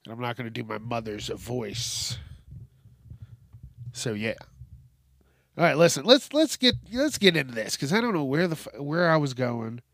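A man's voice: mid-range voice, sing-song, a little slow, gravelly, long pauses, fairly bright tone, no room sound, clean studio sound. A man hosting a solo podcast, rambling and swearing, sometimes calling himself by name in the third person. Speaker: podcast host.

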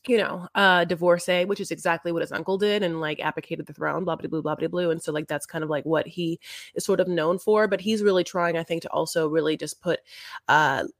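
A woman's voice: on the low side, fairly even intonation, brisk, dry recording, clean studio sound. A woman co-hosting a podcast, recapping a docuseries in a rambling, casual way full of restarts and fillers. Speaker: podcast co-host. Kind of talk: casual chat.

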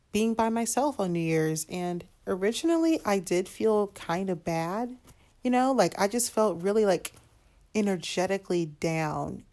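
A woman's voice: lowish voice, darkish tone. A young adult woman hosting a solo podcast, chatting candidly and calling her listeners "y'all" and "honey". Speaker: podcast host. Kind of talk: casual solo podcast talk.

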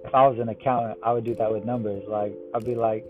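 A man reading a run of one-liner jokes in a deadpan way. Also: fairly low pitch, fast. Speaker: joke teller. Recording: tinny phone-like line with music behind. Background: music.

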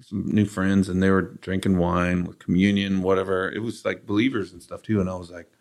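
A middle-aged man with a low, gravelly voice tells his story candidly as a studio guest. His delivery is casual and conversational, and it grows animated when he voices his own past thoughts. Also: a little fast. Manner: candid, animated in quoted asides. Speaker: guest, rock guitarist.

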